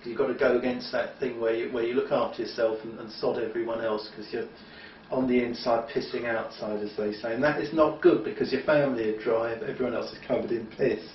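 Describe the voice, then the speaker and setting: A man's voice: mid-range voice, steady tone, a little fast, slight background noise. A man giving an opinionated, rambling monologue with emphatic restarts. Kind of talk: monologue talk. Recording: roomy, distant, dull lo-fi.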